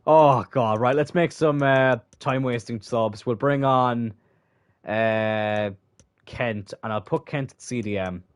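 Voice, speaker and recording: A young man commentating his own football video game match as a streamer, swinging from calm remarks to frustrated, swearing outbursts. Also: on the low side. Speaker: gaming streamer. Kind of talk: live gameplay commentary.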